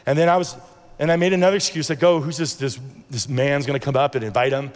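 A man's voice: a little high, steady tone, fast talker, long reverb tail. A man telling a personal faith testimony as a sermon, earnest and rambling, with many restarts and acted-out dialogue. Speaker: preacher sharing a testimony.

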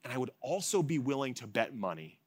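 A man of middle pitch preaches a sermon, moving from forceful repeated lines down to quiet, hushed ones. The sound is dry and close, with no room ring. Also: very animated, fairly quick, breathy edge, dry recording. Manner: swings from loud emphatic repetition to hushed soft delivery. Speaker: pastor. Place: evening church service.

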